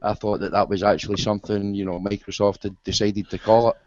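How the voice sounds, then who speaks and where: A man's voice: fairly low pitch, little pitch movement, quick pace, a little mellow, dry recording, muffled recording. A man hosting a podcast, steering the talk with jokey, wry asides. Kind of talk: casual group chat.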